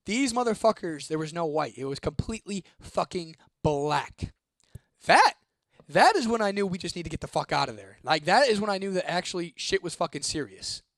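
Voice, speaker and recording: Young man, fairly high voice, dry close sound, casual storytelling, lots of swearing. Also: moderate pace, dry recording. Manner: profane, animated, reads a viewer comment aloud. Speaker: host.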